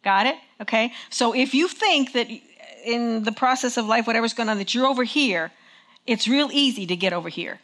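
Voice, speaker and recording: This woman's voice is fairly high and fairly bright, at normal speed, as she delivers a conversational sermon to her congregation. She leads them in call and response and keeps engaging them with frequent "okay?".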